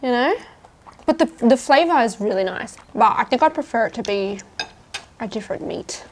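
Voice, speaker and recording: Vlogging outdoors over dinner, a woman chats casually while eating and laughs easily. Her voice is on the high side and expressive, at a moderate pace.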